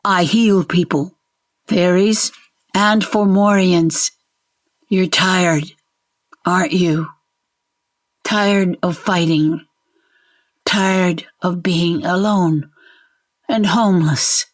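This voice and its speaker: A woman's voice: fairly low pitch, steady tone, very slow, pauses often. A woman voicing a frightened young healer who pleads breathlessly while protecting her dog. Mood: gentle.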